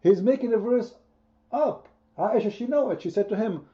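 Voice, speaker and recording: Emphatic high-voiced male debate host. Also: normal speed, muffled recording. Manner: emphatic, repetitive, quizzing the audience. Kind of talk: heated online debate.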